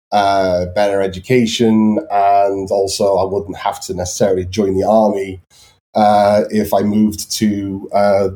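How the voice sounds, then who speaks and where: A man with an anglicized North Welsh accent chats casually as a podcast guest. His voice is mellow and warm, and he talks in a halting way, with frequent ums and restarts. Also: lowish voice. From Wales. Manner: hesitant, many ums and restarts. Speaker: guest artist. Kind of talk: casual chat.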